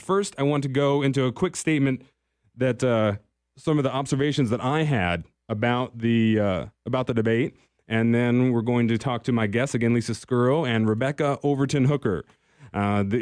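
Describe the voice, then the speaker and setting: A man's voice: medium pitch, darkish tone, no echo, studio quality. A man hosting a political talk radio show, speaking in a conversational, emphatic way with occasional restarts.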